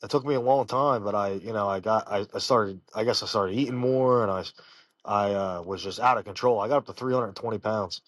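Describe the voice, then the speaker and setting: Fighter guy on a podcast, kinda low voice, rambly with tons of fillers, dry room. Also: no echo. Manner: halting, filler-heavy, many restarts. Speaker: professional fighter, podcast guest. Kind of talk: casual interview storytelling.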